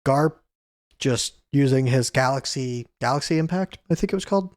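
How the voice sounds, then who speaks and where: A man's voice: mid-range voice, moderate pace, a little mellow, dry recording, studio quality. A young man hosting a manga chapter review, recapping in a loose, chatty way with fillers and self-corrections. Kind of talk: casual spoken chapter recap.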